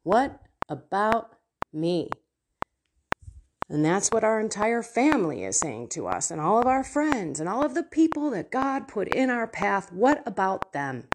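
A woman's voice: medium pitch, very animated, moderate pace, few pauses, a little hiss or hum. A middle-aged woman giving an impassioned spiritual talk and prayer, fervent and emotional, sometimes dropping to a whisper. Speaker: faith coach and speaker.

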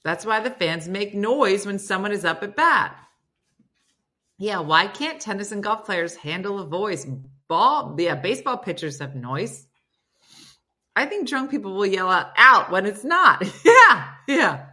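A woman's voice: mid-range voice, very animated, measured pace, bright, forceful tone. A woman hosting a casual live stream, chatting and storytelling as she reads viewer comments aloud and answers them. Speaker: host reading viewer comments.

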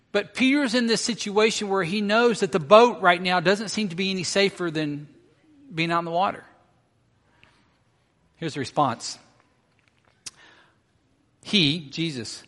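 Man, pastor, sermon, lively storytelling, slightly high voice, long hall reverb. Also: normal speed, long pauses. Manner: storytelling, acts out quotes with rising intensity.

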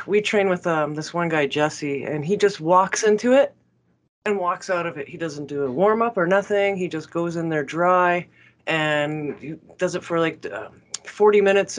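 A woman with a Canadian accent hosting a podcast, casual and playful with quick jokes. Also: lowish voice. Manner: playful, joking, quick interjections. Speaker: podcast host. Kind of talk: casual chat.

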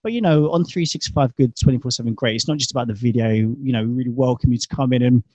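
A man's voice: mid-range voice, quick pace, a little mellow, dry recording. British guy rambling on as a podcast guest, lots of "you know", dead dry mic. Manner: chatty, rambling, many fillers. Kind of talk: casual conversation.

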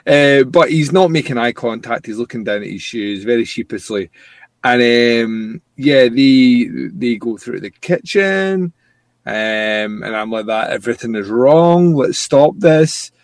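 Casting: mid-pitched man, podcast co-host, wry jokes, dry sound. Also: a little slow, dry recording. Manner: wry, joking asides. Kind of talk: casual podcast chat.

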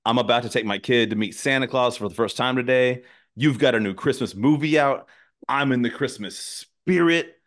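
A man's voice: medium pitch, normal speed. Rambling podcast host man. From southern US. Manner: rambling, restarts often, excitable. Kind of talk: casual podcast chat.

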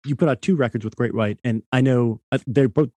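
A man's voice: mid-range voice, brisk, darkish tone. A man hosting an interview, asking rambling, admiring questions with many restarts. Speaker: interview host. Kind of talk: casual interview chat.

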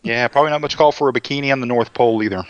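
A man's voice: medium pitch, racing, no room sound, muffled recording. A man co-hosting a cooking show, chatting in a folksy, easygoing way. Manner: folksy, chatty, tells jokes with voices. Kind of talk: casual cooking talk.

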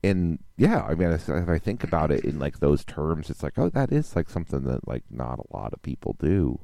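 A man's voice: rumbling low, sing-song, a little fast, creaky, warm tone, dry recording. A man in his fifties in casual chat, wry and rambling with dry jokes. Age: 50s.

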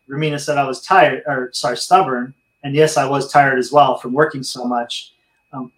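In an echoey room, an interview guest with a slightly high, fairly bright voice shares his personal story openly. His casual, earnest delivery feels like a candid conversation with friends.

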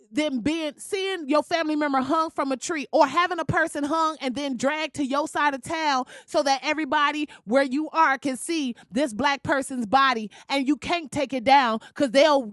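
A woman's voice: sits high, fairly bright tone, no echo, clean studio sound. Heated profane woman ranting. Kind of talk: profane rant.

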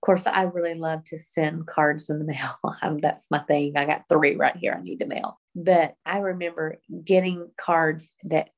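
Gravelly-voiced woman guest, heartfelt. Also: low voice, steady tone, normal speed, hardly any pauses. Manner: heartfelt, encouraging, sharing personal experience. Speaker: podcast guest. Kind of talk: faith-based podcast conversation.

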